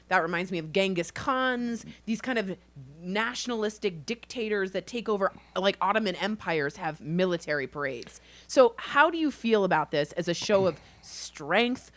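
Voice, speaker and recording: A chatty woman co-hosting a comedy news podcast, firing off rhetorical questions and laughing easily. Her pitch swings widely as she talks, bouncing up and down around a middling register. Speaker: co-host. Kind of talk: casual comedic news chat.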